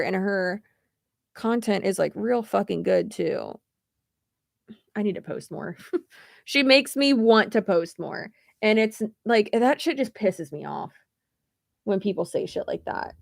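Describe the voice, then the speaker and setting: A woman's voice: mid-range voice, creaky, no room sound, clean studio sound. A young woman creator ranting in a casual livestream, blunt and rambling, swearing freely. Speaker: YouTube creator.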